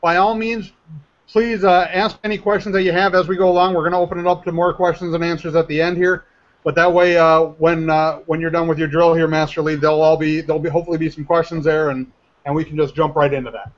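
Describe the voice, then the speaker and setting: A man's voice: on the high side, little pitch movement, fast talker. A man hosting a live webinar, politely interrupting to explain how to submit questions. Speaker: webinar host. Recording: dull lo-fi webinar audio.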